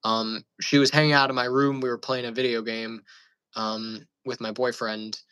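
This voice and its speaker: Bright-voiced man rambling casually. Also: medium pitch, little pitch movement, normal speed, clean tone, dry recording, poor audio. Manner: rambling, amused storytelling with frequent fillers. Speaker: channel host.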